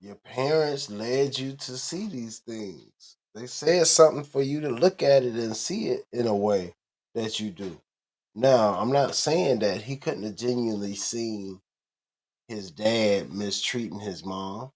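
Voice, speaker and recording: A man co-hosts a casual chat show with a laid-back manner. He reasons his points through slowly and breaks into the odd laugh. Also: medium pitch, darkish tone. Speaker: podcast co-host.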